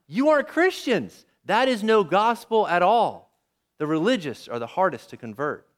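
A man preaching a sermon, lively and often asking his listeners questions. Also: a little high. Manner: lively, asks the audience questions.

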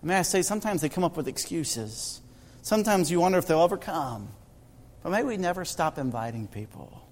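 A male pastor telling stories in a sermon, often halting and repeating words. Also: fairly high pitch, big pitch swings, darkish tone, in a large hall. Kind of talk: sermon storytelling.

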